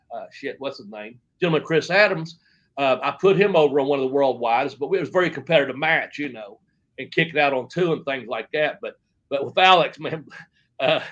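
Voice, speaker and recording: A man's voice: medium pitch, a bit bright, lo-fi sound. A middle-aged man telling wrestling stories in a rambling, profane way, with many restarts and quoted back-and-forth dialogue. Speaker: interview guest. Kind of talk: casual storytelling.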